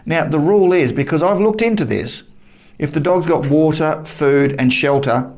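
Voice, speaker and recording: A man's voice: a little high, moderate pace, darkish tone. A man with an Australian accent delivering a heated, blunt opinion rant to camera as a vlogger, swearing freely and repeating himself for emphasis. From Western Australia.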